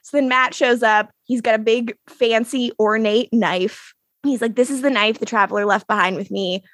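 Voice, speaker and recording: A woman with a slightly high voice chats casually as a podcast co-host. She laughs often, swears freely and acts out lines as she recaps. The sound is dry and close. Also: steady tone, moderate pace, fairly bright tone, no room sound.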